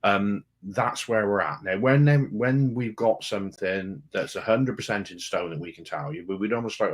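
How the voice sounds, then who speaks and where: A man chats casually on a travel live stream. His voice sits very low, and he speaks in a relaxed, plain way, often circling back to repeat a point. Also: normal speed, few pauses, husky. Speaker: travel vlog co-host.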